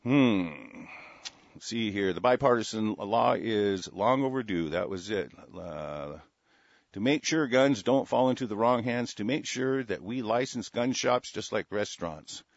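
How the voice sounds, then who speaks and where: Speaking in an unhurried, expressive, fairly low voice, a middle-aged man reads news stories and interrupts them with angry, sarcastic rants laced with heavy swearing. It's profane ranting commentary, recorded dry with lo-fi sound.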